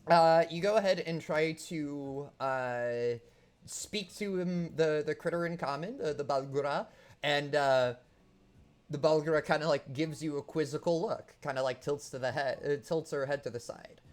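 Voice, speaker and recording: A man's voice: a little high, normal speed. A man narrating as game master of a tabletop game, rambling with many fillers.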